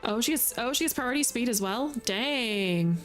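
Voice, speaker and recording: Chatty streamer woman, lively high voice. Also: normal speed, soft background music. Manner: chatty, reacts aloud to the game, laughs often. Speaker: VTuber streamer. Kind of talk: casual gameplay commentary.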